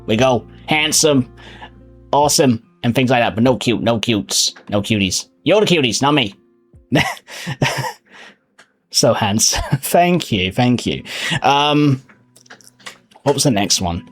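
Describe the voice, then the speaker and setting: A male streamer talks casually to his viewers, his mid-pitched voice bouncing up and down with lively swings. He is chatty and quick to laugh. Soft music plays faintly underneath. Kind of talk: casual live-stream chat.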